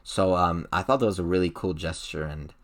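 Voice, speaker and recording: Hosting a hockey podcast, this young man speaks in a low voice at a fairly quick clip. He keeps things laid-back and casual, hesitating often and leaning on plenty of fillers.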